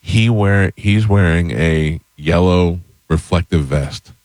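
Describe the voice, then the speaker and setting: A man hosting a morning radio talk show, chatting casually and telling stories with animated enthusiasm. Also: low-pitched, slow pace, dry recording.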